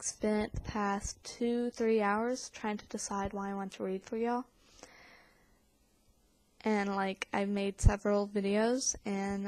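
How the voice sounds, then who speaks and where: A woman's voice: mid-range voice, a little mellow, low-quality recording. A young adult woman vlogging, chatting in a rambling way with many fillers and reading a poem aloud. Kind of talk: casual vlog chat and poetry reading.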